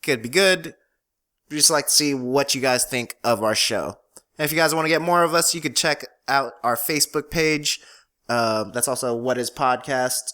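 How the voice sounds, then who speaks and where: A man's voice: medium pitch, moderate pace, bright, forceful tone. A man hosting a casual podcast, wrapping up loosely and jokingly while plugging his channels. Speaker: podcast host.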